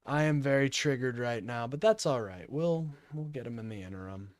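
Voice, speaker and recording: A man's voice: medium pitch, moderate pace. A man hosting a livestream, ranting in an agitated, profane way and apologizing often.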